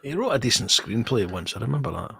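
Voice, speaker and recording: A man chatting casually as a guest, relaxed, sweary and enthusiastic. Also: mid-range voice, fast talker, gravelly, husky, no room sound. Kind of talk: casual chat.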